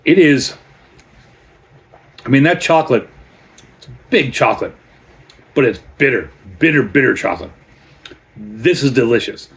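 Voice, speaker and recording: A man's voice: medium pitch, lively intonation, measured pace, long pauses. A man reviewing a beer in a casual vlog, chatty and rambling as he tells stories between sips.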